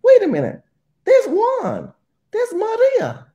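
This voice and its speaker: A woman's voice: very high voice, huge pitch swings, slow, warm tone, lo-fi sound, pitched above the performer's own voice, full character voice. A woman voicing a stunned female restaurant owner who cries out in disbelief. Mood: panicked.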